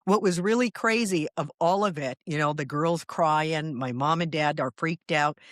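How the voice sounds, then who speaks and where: A woman's voice: sits low, moderate pace, dry recording, clean studio sound. A woman co-hosting a podcast, telling a family story with wry, laughing asides. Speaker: podcast co-host. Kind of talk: casual storytelling chat.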